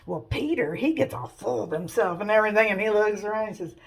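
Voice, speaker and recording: A woman's voice: medium pitch, fast talker, gravelly. A woman casually retelling a Bible story for laughs, rambling with lots of fillers. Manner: rambling, chatty, many fillers.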